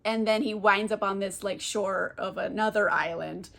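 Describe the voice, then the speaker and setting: A woman's voice: medium pitch, steady tone, normal speed, vocal fry, a bit bright. A tipsy woman retelling a classic book as a casual comedic recap, rambling, swearing and giggling. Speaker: book vlogger.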